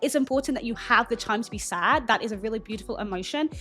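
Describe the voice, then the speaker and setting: A woman's voice: on the high side, fast, bright, forceful tone, soft background music. A young woman hosting a lifestyle video, giving candid, chatty advice and calling her listeners honey. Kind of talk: casual advice chat to camera.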